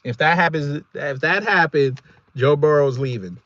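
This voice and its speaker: A man hosting a casual reaction video, talking in an animated, slangy way and laughing often. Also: fairly high pitch, moderate pace, dry recording, dull audio.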